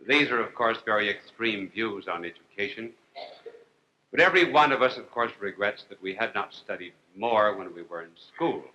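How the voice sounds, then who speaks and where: A priest delivering a humorous televised lecture, wry and deliberate, with dry jokes and long pauses. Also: male voice, fairly low pitch, expressive, sharp tone, muffled recording, a little hiss or hum. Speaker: priest and TV host.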